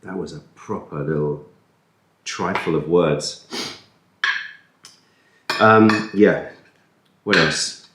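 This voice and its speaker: A man's voice: low-pitched, extremely slow, pauses often, echoey room, background noise. A man chatting casually while eating curry on camera, rambling and self-deprecating, sometimes talking with his mouth full. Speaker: food vlogger. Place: indoors at a table, eating. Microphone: camera-mounted mic.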